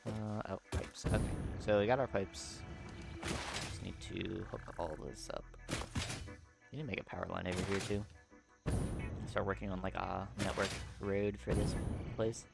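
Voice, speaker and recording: A man's voice: low voice, steady tone, measured pace, vocal fry, long pauses. A man losing his voice, rambling casually as he plays and comments on a factory-building game. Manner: rambling, filler-heavy, laid-back. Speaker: gaming video creator. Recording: loud game music behind.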